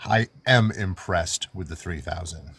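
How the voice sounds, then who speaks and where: Male host, low register, upbeat auctioneer energy on a video call. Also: measured pace, creaky, fairly bright tone, breathy edge. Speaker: livestream host. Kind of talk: casual live auction chat.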